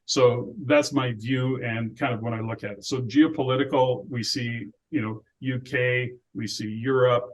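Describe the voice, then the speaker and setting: An older man from Alberta holds forth on a casual podcast. He is opinionated, full of rhetorical questions and quick to rant. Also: medium pitch, steady tone, poor audio. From Alberta, Canada. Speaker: podcast co-host.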